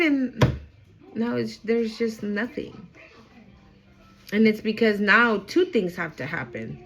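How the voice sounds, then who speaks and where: On poor audio, a woman speaking at a fairly high pitch delivers a casual spiritual reading directly to her audience. This intuitive card reader is chatty and emphatic with offhand swearing, and her excitable delivery jumps rapidly in loudness.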